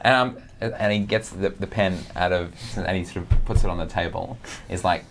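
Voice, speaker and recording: A man with an Australian accent playing a tabletop game, hesitant and animated. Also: low voice, moderate pace, gravelly, a little hiss or hum. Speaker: player. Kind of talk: casual tabletop banter.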